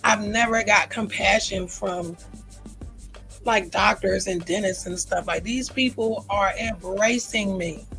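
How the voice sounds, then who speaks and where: A middle-aged woman speaks straight to her livestream audience, heartfelt and earnest, leaning on repetition to drive points home. Her voice has a gravelly, fry-laden texture at a middling pitch. Faint music plays quietly behind her. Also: measured pace, low-quality recording. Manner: earnest, heartfelt, repeats phrases for emphasis. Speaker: livestream host. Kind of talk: emotional personal livestream talk.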